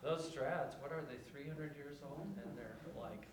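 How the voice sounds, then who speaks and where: A man playing violin live, chatting casually between tunes in a halting way with many fillers. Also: a little high, a little hiss or hum. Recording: echoey room with instrument music.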